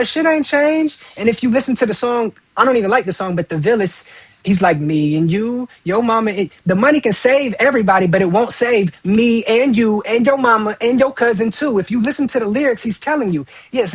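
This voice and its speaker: A man in his thirties in casual chat, talking in animated slang and acting out quoted lines. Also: high-pitched, slightly rough, no room sound. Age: 30s. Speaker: podcast guest.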